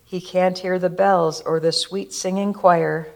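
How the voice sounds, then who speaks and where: A woman reading a rhyming children's picture book aloud. Her delivery is rhythmic and lilting, and her voice sits a little low. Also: fairly even intonation, unhurried, creaky, darkish tone. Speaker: storyteller.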